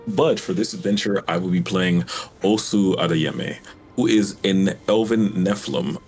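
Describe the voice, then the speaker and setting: Very deep-voiced easygoing man. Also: moderate pace, a little mellow, faint music behind. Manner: easygoing, rambling. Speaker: player. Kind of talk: casual chat introducing a character.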